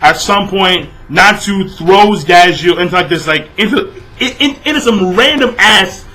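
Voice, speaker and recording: A young man with a high-pitched, sharp voice goes through a manga chapter in an unhurried but exasperated, casual way. He swears constantly and stuffs his rant with fillers, and the audio quality is poor.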